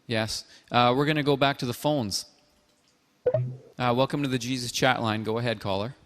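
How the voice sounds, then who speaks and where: A man's voice: medium pitch, steady tone, normal speed, fairly bright tone, big-room sound. A man hosting a call-in chat show, talking earnestly and measuredly, with frequent hesitant fillers. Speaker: host.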